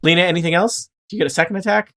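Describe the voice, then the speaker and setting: A man's voice: high-pitched, steady tone, very fast, a bit bright. A man running a tabletop game as game master, rambling with joking, self-deprecating asides.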